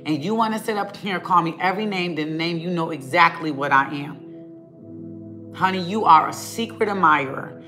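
A woman's voice: fairly low pitch, moderate pace, sharp tone, faint music behind. A woman ministering online, preaching a fiery rant at her viewers, emphatic and scolding, with lots of repetition and casual talk.

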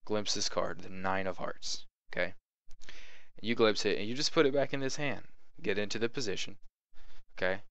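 A man's voice: lowish voice, moderate pace, gravelly, fairly bright tone, no echo. A young man casually teaching a card trick, chatty and demonstrative, often checking in with "okay?". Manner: chatty, repeats "okay?" to check in, acts out patter. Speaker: magic tutorial host.

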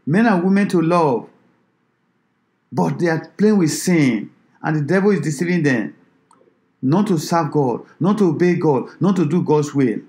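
A man's voice: a little high, animated, normal speed, a little mellow. A man preaching a sermon who exhorts his listeners with repeated rhetorical questions.

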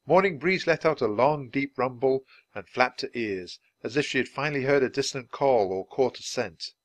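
Man reading a children's book aloud. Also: mid-range voice. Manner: clear, measured, lively reading. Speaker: storybook reader.

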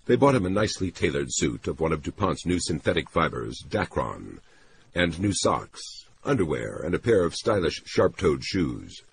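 A man doing scripted audiobook narration, expressive and voicing characters. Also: low-pitched, moderate pace, gravelly, noisy background.

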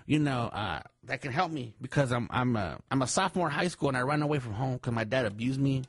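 A man's voice: medium pitch, lively intonation, fast. A man hosting a prank call comedy show, who talks in a loose, slangy and hyped way. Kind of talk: casual set-up for a prank call.

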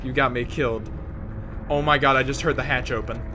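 A young man streaming a game, excitable, swearing and yelling in panic as he plays. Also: medium pitch, a little fast, noisy background. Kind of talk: live game-stream chatter.

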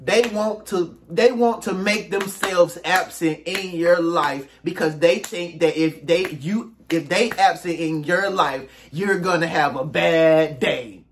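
A man's voice: fairly high pitch, slow, few pauses, a little hiss or hum. A man hosting his own video, giving a casual, slangy motivational monologue with emphatic rhetorical questions. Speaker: self-help video host.

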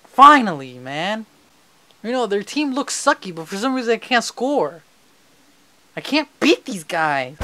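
A young man with a high-pitched voice casually commentates his own football video game match. He's excitable, quick to swear and yell at the game, and faint music plays behind him.

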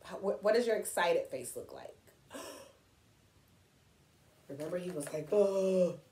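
A woman's voice: fairly low pitch, a little slow. A woman reading a picture book aloud to children, asking them questions and coaxing them along. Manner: animated, questions to young listeners. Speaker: storytime reader. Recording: echoey room, distant mic.

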